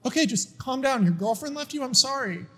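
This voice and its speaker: A man voicing a grandiose, arrogant male sea king who declaims loudly about ruling as a god. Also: animated, brisk, background noise. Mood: meek. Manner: booming, declaiming.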